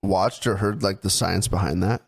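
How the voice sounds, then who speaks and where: A man's voice: deep voice, steady tone, normal speed, vocal fry, breathy edge. A man in his thirties co-hosting a podcast, explaining things loosely and teasing his best friend in casual banter. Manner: teasing, joking, mocks his friend in put-on voices. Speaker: podcast co-host.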